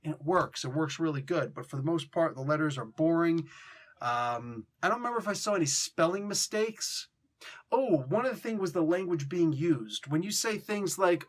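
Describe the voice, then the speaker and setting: Animated, slangy male comic book reviewer. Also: fairly high pitch, normal speed. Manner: animated, slangy, acts out lines in mock voices. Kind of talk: casual video review.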